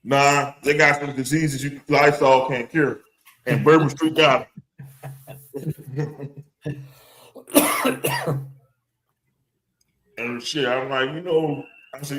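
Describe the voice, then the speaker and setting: A man's voice: medium pitch, fairly even intonation, takes it slowly, pauses often, a bit bright, rough recording. A man with a New Orleans accent, co-hosting a sports podcast in casual, profane chat, laughing often. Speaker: podcast co-host.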